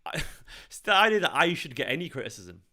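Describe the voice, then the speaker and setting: A man's voice: fairly high pitch, sing-song, a little fast, bright, forceful tone. A man hosting a live football watchalong, tired and hungover, frustrated and swearing as he answers his chat. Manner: frustrated, swears often, talks back to chat. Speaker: fan channel host.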